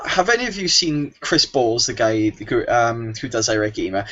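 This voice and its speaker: Man, bright voice, halting amused chat, lo-fi stream audio. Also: mid-range voice, animated. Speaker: panelist on live stream. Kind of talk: casual chat. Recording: dull lo-fi live stream audio.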